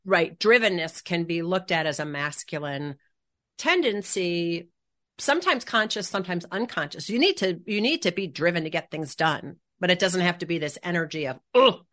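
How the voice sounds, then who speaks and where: A woman co-hosting a podcast thinks aloud in a relaxed, reflective way, at times searching for words. Her voice sits low for a woman. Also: normal speed. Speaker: podcast co-host. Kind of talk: casual chat.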